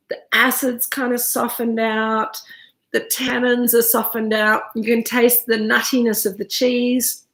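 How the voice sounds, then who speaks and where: A woman leading a casual live wine tasting class, chatting freely while chewing cheese. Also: fairly high pitch. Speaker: winemaker leading a virtual tasting.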